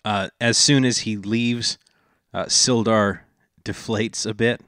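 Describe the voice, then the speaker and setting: A man running a tabletop game as dungeon master, talking slowly with a lowish voice and lots of pauses. His words come close and dry on the mic. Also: steady tone, fairly bright tone, clean tone, dry recording. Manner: slow and halting, many fillers.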